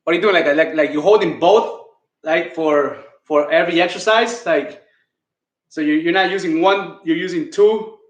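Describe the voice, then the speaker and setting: A man's voice: fairly high pitch, moderate pace, echoey room. A man leading a live online kettlebell class, counting reps and giving coaching cues while out of breath. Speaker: fitness coach.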